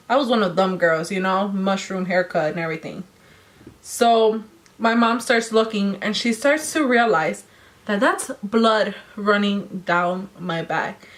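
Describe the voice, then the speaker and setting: A young woman vlogger casually telling a personal story while doing her makeup, acting out what people said. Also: medium pitch. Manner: chatty, animated retelling with quoted voices. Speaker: beauty vlogger.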